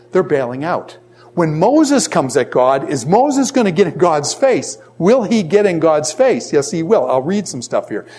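A man's voice: fairly high pitch, darkish tone. A man in his fifties teaching a class in a conversational lecture, repeating his points and acting out quoted voices.

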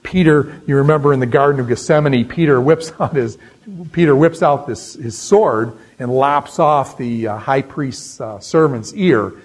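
A man teaching an informal Bible lecture, telling stories conversationally and sinking into hushed, earnest tones. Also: mid-range voice, normal speed, low-quality recording. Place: New England.

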